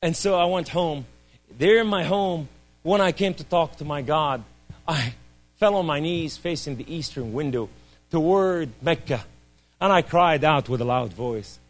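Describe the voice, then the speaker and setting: A man giving an impassioned testimony sermon, swinging between loud cries and hushed, low speech. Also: expressive, moderate pace, faint music behind.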